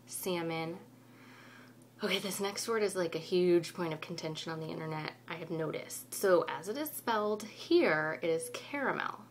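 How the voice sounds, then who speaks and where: Californian woman vlogger, rambling casual talk, somewhat low voice, faint hum behind. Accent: Northern Californian. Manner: chatty, rambling, with frequent ums. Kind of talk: casual chat.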